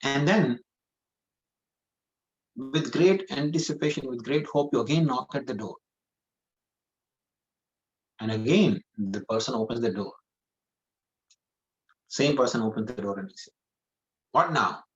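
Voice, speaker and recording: A man's voice: mid-range voice, unhurried, long pauses, muffled recording. A man giving a scripture class, telling a story earnestly and repeating phrases for emphasis. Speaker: preacher.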